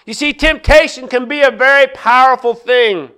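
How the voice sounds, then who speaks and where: A middle-aged male pastor preaching a sermon, acting out quoted lines with big swings in loudness. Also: very high voice, normal speed, clear, resonant tone.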